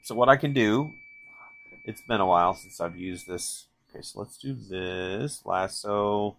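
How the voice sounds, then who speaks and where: A man's voice: fairly low pitch, measured pace, vocal fry, a bit bright. Chatty man narrating a drawing session. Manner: rambling, chatty, self-interrupting. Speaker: artist and channel host. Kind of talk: casual drawing tutorial narration.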